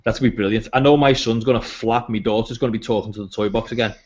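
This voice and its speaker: A man's voice: on the low side, steady tone, fast talker, darkish tone. Chatty man hosting a call. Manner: chatty, jokey storyteller. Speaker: podcast host. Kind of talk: casual chat. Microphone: video call. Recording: slightly muffled call audio.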